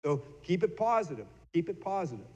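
A man's voice: a little high, big pitch swings, fairly quick, a little mellow, muffled recording. A middle-aged man giving a sermon as pastor, talking in a conversational way, often repeating words and acting out little bits of dialogue. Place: church sanctuary. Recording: long church reverb.

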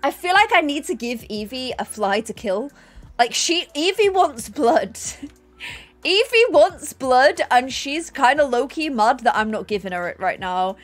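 A woman's voice: animated, a little slow, faint music behind. Woman, casual game stream, chatty, bubbly, sing-song delivery. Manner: chatty, bubbly, talks to her pets in a high baby voice. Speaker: streamer playing a life sim game. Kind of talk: casual live-stream chat. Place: home desk.

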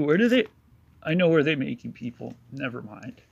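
A man's voice: a little high, very animated, moderate pace, gravelly, slightly rough, dry recording. A man giving an angry, sarcastic voice-over commentary with heavy swearing, ranting about an online rival. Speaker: YouTuber narrating over a video.

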